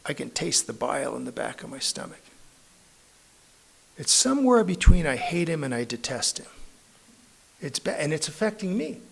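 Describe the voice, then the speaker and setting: A man's voice: fairly high pitch, big pitch swings, moderate pace, gravelly, pauses often, slightly rough. A middle-aged man telling his story as a recovery meeting speaker, conversational and self-mocking, with frequent tag questions. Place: recovery club meeting room.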